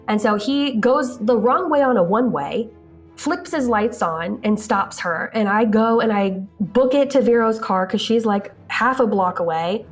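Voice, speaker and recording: An interviewee recounting events, a woman tells a casual story in a fairly high, unhurried voice. She's animated, acting out the quoted dialogue and saying "like" a lot. Soft music plays in the background.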